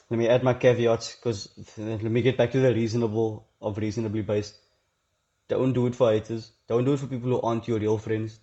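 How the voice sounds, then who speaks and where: Blunt, swearing young man, mellow tone. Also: medium pitch. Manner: blunt, profane, rambling, quick shifts into mocking quoted voices. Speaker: self-help channel host. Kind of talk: casual monologue to camera. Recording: dull lo-fi recording.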